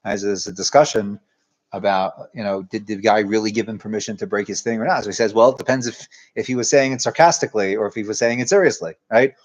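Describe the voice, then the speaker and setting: A man's voice: medium pitch, a little mellow. A man teaching a Torah class as a rabbi, talking his ideas through with frequent restarts and Hebrew terms. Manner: discursive, many restarts, uses Hebrew terms.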